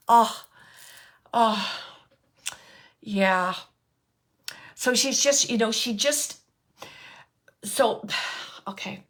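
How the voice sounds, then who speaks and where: A woman medium giving a gentle live reading, passing on messages from a spirit in the first person. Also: a little high, drawn-out words, long pauses.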